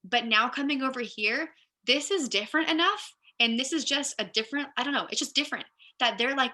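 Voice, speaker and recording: Brisk and upbeat, a female team leader runs a laid-back training talk, her very bright, forward voice sitting just above average pitch for a woman. She's chatty and direct, peppering her coaching with "like" and "you guys."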